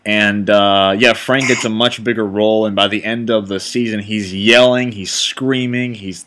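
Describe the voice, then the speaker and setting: A man's voice: on the low side, fairly even intonation, normal speed, sharp tone. A man directing and hosting a casual commentary chat, rambling and enthusiastic as he talks.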